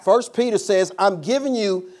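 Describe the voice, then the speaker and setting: A man's voice: sits high, moderate pace, a little mellow. A man preaching a sermon as pastor, telling a personal story with call-and-response.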